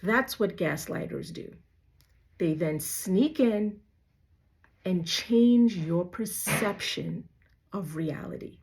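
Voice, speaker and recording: A woman's voice: on the low side, animated, slow, long pauses, darkish tone. A woman vlogger giving casual, emphatic advice to camera, asking rhetorical questions and tagging points with "right?" and "you know". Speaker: YouTube vlogger.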